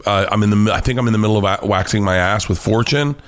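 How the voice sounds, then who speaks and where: A man with an American accent, a comedian guest telling animated, profane stories in an interview and acting out quoted voices. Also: on the low side, fast talker. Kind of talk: storytelling interview chat.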